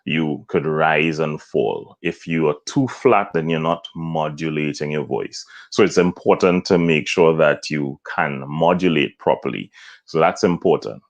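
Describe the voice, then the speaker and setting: A man's voice: rumbling low, a little slow. A man from Trinidad, a voice coach guest, explaining vocal ideas step by step in an interview. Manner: explanatory, demonstrates points with acted examples.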